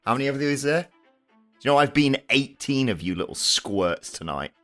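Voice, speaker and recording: A man's voice: mid-range voice, expressive, a little fast, a bit bright, faint music behind, voice pushed up, close to an everyday voice. A man playing a cocky, blustering wrestler. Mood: defiant. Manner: blustering, stammering when scared. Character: brash, cocky young male pro wrestler.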